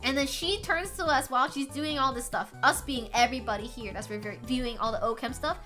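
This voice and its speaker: A young woman streaming, telling a story to her chat in a casual, animated way, laughing often and swearing freely. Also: high-pitched, brisk, soft background music. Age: young adult. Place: home streaming setup.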